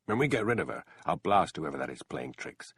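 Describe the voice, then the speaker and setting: Man doing a mean scottish husband, low gravelly voice, bossy and curt. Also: big pitch swings, fairly quick, fairly bright tone, no echo, exaggerated voice. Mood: commanding. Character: ruthless, hot-tempered Scottish husband, middle-aged.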